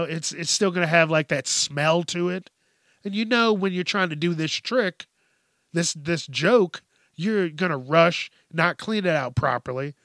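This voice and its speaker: A man on a podcast, ranting in a casual, comedic way, with a slightly high voice and an unhurried, drawn-out delivery. He swears constantly, speaks bluntly and breaks into laughter often. The sound is close and dry. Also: fairly bright tone, dry recording. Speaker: podcast host.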